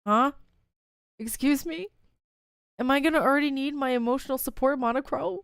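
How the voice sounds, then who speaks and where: A woman's voice: high voice, moderate pace, vocal fry, long pauses, no echo, clean studio sound. A woman streamer reacting live to a fan game, exclaiming often, laughing and sighing between her remarks.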